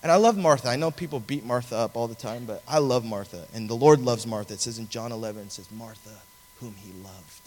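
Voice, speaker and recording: A man preaching a sermon, telling a story in an animated, conversational way, in a large cathedral. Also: mid-range voice, fast. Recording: long reverb of a large hall.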